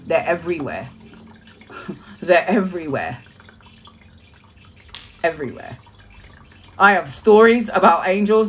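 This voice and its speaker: A woman tarot reader chatting casually to live stream viewers, laughing often and swearing freely. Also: medium pitch.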